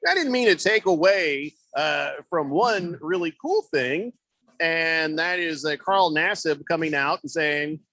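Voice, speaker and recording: This sports talk radio host has a fairly high, animated voice with a sharp tone, speaking at a measured pace. Chatting casually in the studio, he rambles with plenty of fillers and restarts. A studio mic captures him with no echo.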